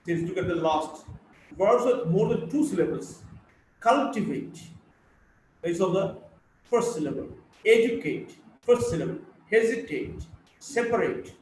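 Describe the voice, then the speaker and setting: A male college lecturer with an Indian English accent recites English words one at a time for a phonetics lesson, spelling suffixes aloud in a slow word-list style. His voice is high, expressive and slightly mellow at a moderate pace. The mic sits far off in an echoey room with faint hiss.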